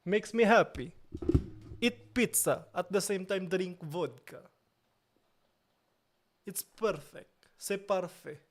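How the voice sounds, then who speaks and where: A young man from Italy hosting a live stream, chatting casually with viewers in a playful mock-outraged way. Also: sits high. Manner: playful mock outrage, slow drawn-out delivery. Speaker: livestream host.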